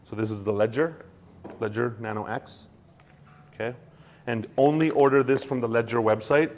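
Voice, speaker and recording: A man hosting a casual explainer, talking in an animated way with many restarts and acting out quoted lines. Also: mid-range voice, moderate pace. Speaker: co-host explaining crypto wallets.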